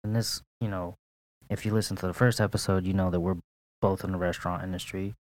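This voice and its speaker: A man's voice: sits low, level tone, fast talker, darkish tone, dry recording. A young man co-hosting a casual podcast, laid-back, swearing a lot and laughing often. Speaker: podcast co-host. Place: apartment in St. Petersburg, Florida.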